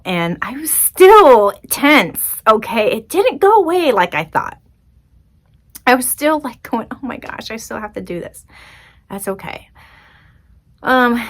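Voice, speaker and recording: A woman hosting her own podcast, telling a personal story in a chatty, expressive, self-deprecating way. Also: mid-range voice. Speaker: podcast host. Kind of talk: casual solo podcast storytelling.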